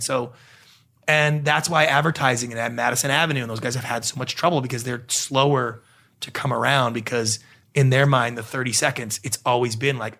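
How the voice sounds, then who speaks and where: A middle-aged man, a guest on an interview, explaining ideas in a lively conversational way and acting out little quoted exchanges. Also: medium pitch, fairly quick. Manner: animated storyteller acting out quoted voices. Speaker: guest, TV producer and pitch coach.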